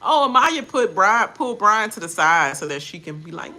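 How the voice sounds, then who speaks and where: A woman hosting a reaction channel, ranting in a casual, animated way and mimicking people in quoted voices. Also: medium pitch, normal speed, few pauses, slight background noise.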